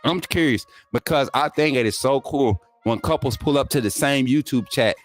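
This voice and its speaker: A young man, hosting a sports livestream, reading super chats and teasing viewers in energetic, laughing banter. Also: mid-range voice, normal speed, soft background music. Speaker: YouTube sports show host.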